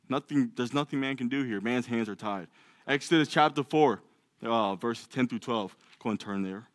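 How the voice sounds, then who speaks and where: A man's voice: mid-range voice, normal speed, dry recording. A man preaching a sermon in a church, reading scripture aloud and acting out the doubts of biblical figures in a raised voice. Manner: reads scripture aloud, with some stumbles. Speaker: lay preacher.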